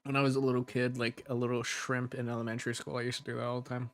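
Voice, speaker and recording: A man's voice: medium pitch, little pitch movement, racing. Chatty, giggly man on a livestream. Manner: laughs often, rambling and self-deprecating; reads chat messages aloud and answers them. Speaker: ASMR creator hosting a livestream. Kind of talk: casual livestream chat.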